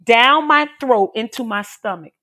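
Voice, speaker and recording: A woman's voice: fairly high pitch, animated, a little slow, sharp tone. Emotional woman telling a personal testimony. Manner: emotional, repetitive, earnest storytelling. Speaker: guest sharing a testimony.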